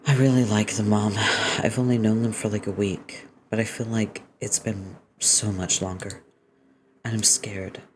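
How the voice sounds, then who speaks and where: A soft, hesitant young neighbor sniffling through a phone call home, as a man reads the part aloud. The voice stays hushed, with a fairly low pitch and a faint hum of room sound behind it. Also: flat delivery, unhurried, lightly acted. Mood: tearful, hushed. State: sniffling after crying. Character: tearful young neighbor phoning their mother.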